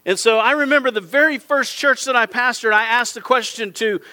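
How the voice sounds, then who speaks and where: A man's voice: very high-pitched, brisk, bright, forceful tone. A middle-aged male pastor preaching a sermon in a church auditorium, with impassioned, repetitive appeals straight to his congregation.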